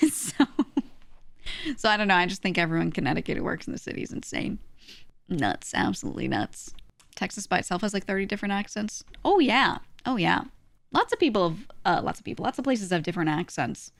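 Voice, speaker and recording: A woman's voice: fairly low pitch, gravelly, no room sound. Sarcastic rambling woman streamer, dry sound. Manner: sarcastic, rambling, laughing asides; reacting to chat. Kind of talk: casual live-stream chat.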